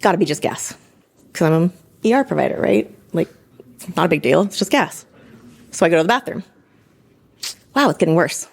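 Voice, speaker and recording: A woman in her thirties, a physician assistant, telling her own story in an animated way, laughing often and acting out what people said. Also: lowish voice, brisk, gravelly, long pauses. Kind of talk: personal storytelling.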